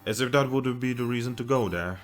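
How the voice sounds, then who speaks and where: A man's voice: mid-range voice, brisk, soft background music, voice pushed up, close to an everyday voice. A man voicing a proud old-fashioned shipwright. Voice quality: archaic formal speech.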